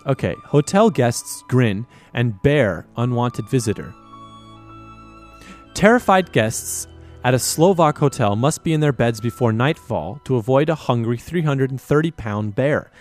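A man's voice: medium pitch, expressive, unhurried, darkish tone, soft background music. A man hosting a comedy show, reading odd news stories and adding sarcastic, rambling and crude asides. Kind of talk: comic news commentary.

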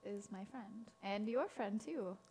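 A woman's voice: medium pitch, takes it slowly, dark tone, husky. A young woman co-hosting a college radio show, laughing often and asking questions. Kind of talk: casual radio chat.

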